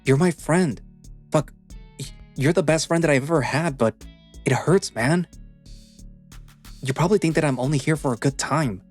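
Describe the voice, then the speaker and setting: A man's voice: medium pitch, animated, normal speed, pauses often, darkish tone, close to an everyday voice. A man voicing David, a frustrated young best friend, in a visual novel reading with faint music behind. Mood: hurt, angry. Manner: pleading, earnest, swearing when upset.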